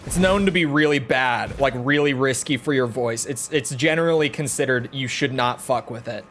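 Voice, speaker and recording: A man's voice: medium pitch, normal speed, fairly bright tone, faint music behind. A young man in his twenties chatting casually on a gaming stream, talking from the throat to project his voice.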